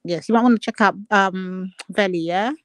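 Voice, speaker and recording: A woman's voice: medium pitch, moderate pace, clear, resonant tone, no echo, studio quality. A woman co-hosting a casual livestream, gossiping animatedly and firing off questions. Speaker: livestream co-host.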